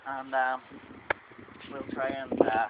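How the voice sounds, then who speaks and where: A man's voice: medium pitch, little pitch movement, takes it slowly. A Northern Irish man hosting a joke documentary in a mock-earnest presenter tone. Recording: dull lo-fi camera audio with loud background noise.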